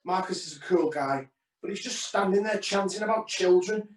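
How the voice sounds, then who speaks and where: A man's voice: high-pitched, moderate pace, close to an everyday voice. A man playing an irritable British neighbour. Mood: tense. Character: irritable male neighbour named Paul.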